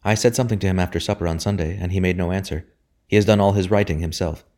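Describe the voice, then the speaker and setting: A man's voice: sits low, quick pace, a little mellow, close to an everyday voice. A man reading an audiobook voices an earnest, troubled young man speaking steadily.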